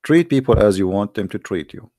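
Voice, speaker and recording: Non-native male commentator, low gravelly voice, argumentative and repetitive, dry close recording. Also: lively intonation, warm tone, no echo. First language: not English. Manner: argumentative, repeats himself, halting non-native English. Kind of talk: casual heated monologue.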